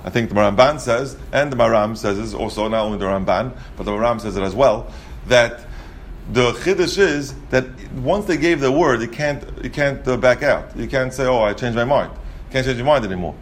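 A man's voice: mid-range voice, lively intonation, normal speed, a little hiss or hum. Guy teaching talmud, sing-songy, keeps asking and answering his own questions. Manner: sing-song explanatory, rhetorical questions, frequent restarts. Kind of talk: Talmud study lesson.

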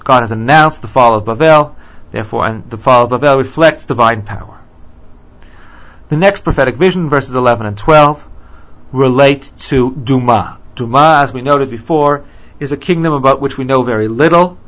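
A man teaches a scripture class at a steady, measured pace. He quotes each verse and then explains it, with frequent ums. His voice sits at an ordinary middle pitch. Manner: measured, reads Hebrew verses then translates, many ums. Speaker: Bible teacher. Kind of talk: textual lecture on scripture.

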